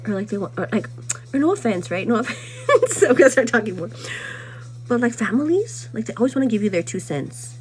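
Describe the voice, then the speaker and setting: A young woman with a fairly high voice gossips her way through a live vlog, rambling and circling back with constant "like" and "you know what I mean." She gets animated and laughs easily, her pitch jumping up when something riles her. Faint music plays behind her. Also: brisk. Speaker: livestream host. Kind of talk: casual chatty live vlog.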